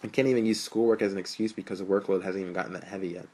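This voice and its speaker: An eager young college student joking with his friends, voiced by a man. Low, relaxed delivery in a casual audiobook reading. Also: very fast. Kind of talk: audiobook narration.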